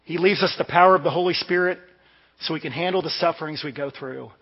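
Fast-talking with a rather high voice, a man preaches a sermon by telling stories conversationally. He's a pastor from the Washington DC region, recorded with dull sound and long hall reverb.

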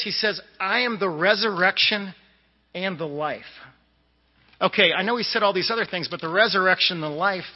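A man from the Boston area preaches in a loose, conversational way, with fillers and asides. His voice sits high and carries a long echo through the church. The recording sounds dull and muffled. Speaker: lay preacher. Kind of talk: sermon. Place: church sanctuary.

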